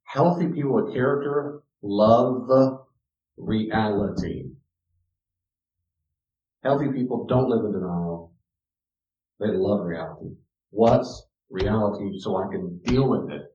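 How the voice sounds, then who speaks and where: A man's voice: fairly low pitch, slow, long pauses, mellow. A man giving a casual teaching talk on parenting, talking conversationally and acting out bits of dialogue. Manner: conversational, acts out quoted dialogue. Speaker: speaker on parenting and character. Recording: roomy, distant, dull recording.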